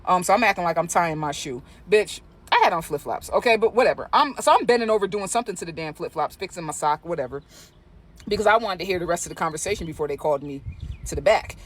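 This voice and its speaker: A vlogger telling a gossipy story casually, swearing freely with animated asides. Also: mid-range voice, quick pace.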